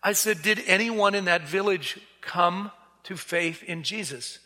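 In a reverberant hall, a man delivers a sermon, relating a story with earnest feeling and performing the voices of the people in it. His voice sits high and bright with a forceful tone, and his pace is a little slow.

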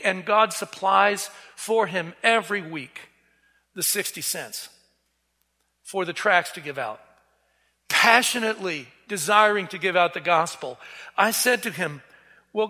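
A man with a high, pushed, bright voice preaches a sermon, earnestly telling a story and acting out the voices of its characters. The recording has the echo of a reverberant hall.

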